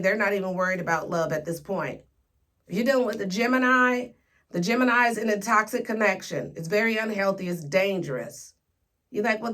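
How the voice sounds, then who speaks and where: A woman's voice: mid-range voice, fairly bright tone. A woman giving a casual, sassy tarot reading, talking straight to her viewers with playful slang. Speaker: tarot reader.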